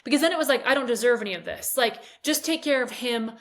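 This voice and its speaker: A woman's voice: fairly high pitch, lively intonation, fast, fairly bright tone. Candid, emotional woman interview guest. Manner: candid, emotional storytelling with hesitations. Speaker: fitness coach guest. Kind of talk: interview conversation.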